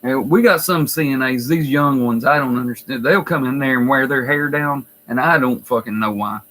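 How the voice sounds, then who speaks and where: A man's voice: mid-range voice, moderate pace, a bit bright, poor audio. A man who works in a nursing home, telling stories in a blunt, profane, wry way. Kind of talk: casual storytelling vlog.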